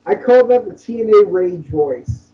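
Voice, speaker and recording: A man's voice: high-pitched, expressive, moderate pace, mellow. A man co-hosting a casual podcast, making dry, sarcastic remarks. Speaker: podcast co-host. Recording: dull lo-fi mic.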